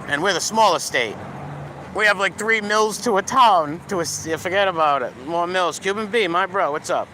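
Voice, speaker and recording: High-voiced and sharp, this middle-aged man from Providence talks at a moderate pace in a Rhode Island accent while walking his dog down a city street. On his livestream he rambles and swears, bouncing from greetings to rants, as cars pass and faint traffic noise hums behind him.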